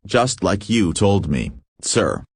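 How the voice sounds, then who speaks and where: A man's voice: low voice, huge pitch swings, takes it slowly, vocal fry, slightly rough, no echo, exaggerated voice. A jittery young prison officer, voiced by a man reading aloud who stammers through his answers. The sound is close and dry. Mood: nervous.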